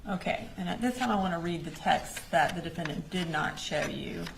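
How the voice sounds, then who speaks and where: Woman attorney in court asking questions, low-ish gravelly voice, faint room hum. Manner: measured, prompting questions. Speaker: prosecutor.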